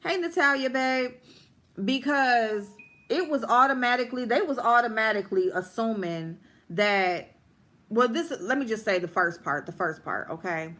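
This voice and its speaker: A woman's voice: on the high side, lively intonation, moderate pace, a bit bright. Blunt, profane woman vlogger ranting. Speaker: livestream host. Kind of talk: casual storytime rant.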